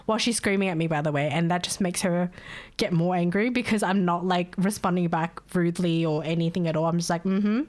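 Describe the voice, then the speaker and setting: A woman streamer telling a story in casual chat, laughing often and swearing freely. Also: fairly low pitch.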